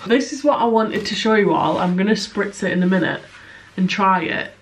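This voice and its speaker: A woman's voice: medium pitch, a little fast, distant mic, a little hiss or hum. Chatty young woman in an echoey kitchen. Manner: chatty and teasing, laughs often. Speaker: vlogger. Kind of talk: casual chat. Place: home kitchen, indoors.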